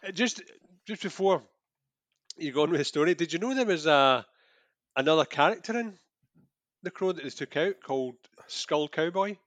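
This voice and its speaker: Easygoing podcast co-host. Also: male voice, fairly high pitch, lively intonation, moderate pace, pauses often, a bit bright, no room sound. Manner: easygoing, chips in with trivia. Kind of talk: casual film chat.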